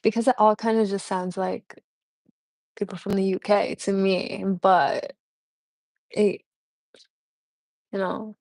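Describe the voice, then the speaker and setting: A woman's voice: medium pitch, level tone, takes it slowly, pauses often, darkish tone, dry recording. A woman hosting a casual live stream chat, rambling with many fillers and laughing often. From United States. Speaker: livestream host.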